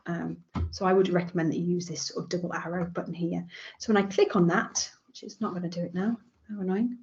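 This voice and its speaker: A woman with an English accent walking teachers through educational software, chatty and relaxed, with frequent ums. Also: lowish voice, quick pace, lo-fi sound. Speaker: teacher trainer. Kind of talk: software tutorial walkthrough.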